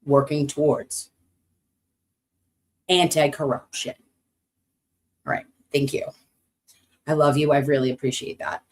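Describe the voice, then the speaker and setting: Low-voiced American woman streamer, chatty. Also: a little slow, pauses often. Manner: animated, swearing, talks to chat; loud excited swings high when opening gifts. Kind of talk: casual live-stream chat.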